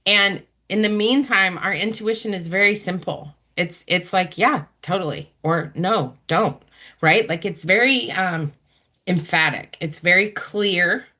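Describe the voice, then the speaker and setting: A woman speaking as an interview guest, talking in an animated way and acting out her inner voices in quick asides. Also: medium pitch. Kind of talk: conversational interview answers.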